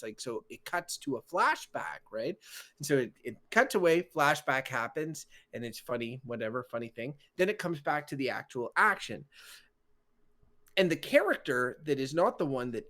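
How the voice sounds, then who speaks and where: Animated higher-voiced male podcast co-host. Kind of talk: casual chat.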